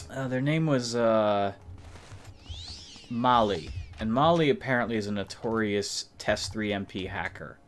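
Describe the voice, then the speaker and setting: A man streaming an online game, rambling in low-key, chatty asides as he plays. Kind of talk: casual rambling gameplay commentary.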